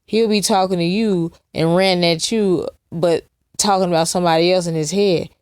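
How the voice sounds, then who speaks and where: A woman delivers reaction commentary with dry sarcasm and blunt put-downs. Her voice is smooth and clear, a little low, recorded close and dry with no room sound. She is plainly the host of the channel. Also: moderate pace, no echo. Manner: sarcastic, mocking, deadpan asides.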